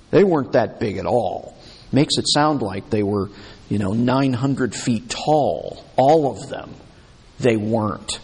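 A male pastor delivers a sermon at an unhurried pace, his voice slightly husky. He talks in a conversational way and voices the complaints of the people he describes. A long reverb trails behind him from the church hall. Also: mid-range voice, a little mellow. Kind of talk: expository sermon.

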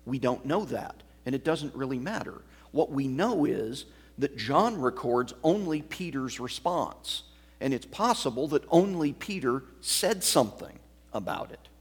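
Slow, husky-voiced man preaching. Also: mid-range voice, very animated. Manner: measured teaching, explaining a passage line by line. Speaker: pastor. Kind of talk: expository sermon.

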